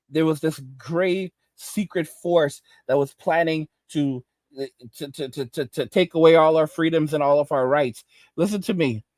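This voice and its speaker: A man's voice: fairly high pitch, a little mellow, no echo. A male host delivering an angry, emphatic rant, repeating his points over and over. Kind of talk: ranting commentary.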